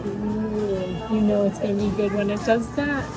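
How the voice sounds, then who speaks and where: A woman's voice: medium pitch, quick pace. A young woman narrating a casual travel vlog outdoors, chatty and playful. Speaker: vlogger. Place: outdoors in national parks and campground. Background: music.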